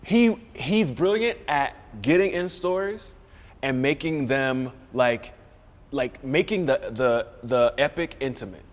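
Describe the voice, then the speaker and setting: A man's voice: medium pitch, measured pace, in a large hall. A man guest in a casual chat, telling a story with a lot of restarts and repeated words. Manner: animated storyteller who acts out quoted voices. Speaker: guest, series creator.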